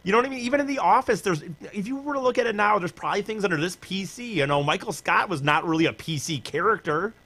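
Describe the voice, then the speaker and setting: A man's voice: high-pitched, expressive, quick pace, few pauses, bright, forceful tone. A man co-hosting a casual podcast, searching for words and trailing off mid-thought. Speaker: podcast co-host.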